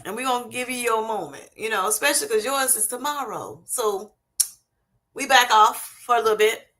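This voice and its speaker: Bright, chatty woman host. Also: a little high, moderate pace. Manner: chatty, laughs often, addresses viewers as y'all and honey. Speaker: livestream host. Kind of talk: casual chat with viewers. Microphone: streaming setup.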